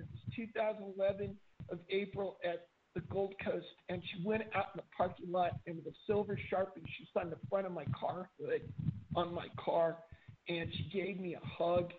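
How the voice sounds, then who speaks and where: High-voiced guy rambling earnestly on a tinny phone line, bit of noise. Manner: earnest, rambling, with restarts and fillers. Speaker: caller. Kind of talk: casual chat.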